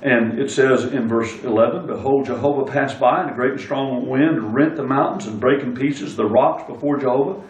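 A man's voice: mid-range voice, normal speed, few pauses. A man preaching a sermon, reading scripture aloud and stressing single words. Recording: echoey room, speaker far from mic.

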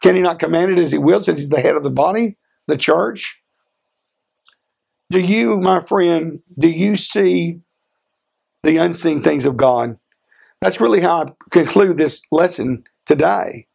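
A man preaching a sermon, earnest, asking rhetorical questions and slowing down for emphasis. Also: on the high side, vocal fry, a little mellow, slightly rough. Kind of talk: sermon with a personal story.

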